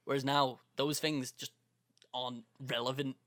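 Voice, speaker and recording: Telling a story during a relaxed podcast chat, this young co-host acts out quotes and laughs a lot. His medium-pitched voice barely moves in pitch, runs at a moderate pace, and has a slightly bright quality.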